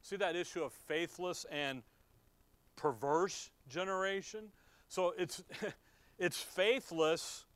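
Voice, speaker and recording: A man's voice: high-pitched, slow pace, a bit bright, smooth, no echo. A middle-aged man teaching from the Bible in a conversational way, reading verses aloud and asking his listeners questions. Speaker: preacher.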